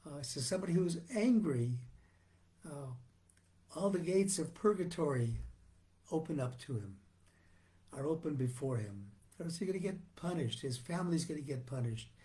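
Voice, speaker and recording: A man speaks as a rabbi giving a sermon in an earnest, measured way, often restarting his phrases. His voice is somewhat high yet mellow and warm in tone. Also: lively intonation. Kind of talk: sermon on the weekly Torah portion.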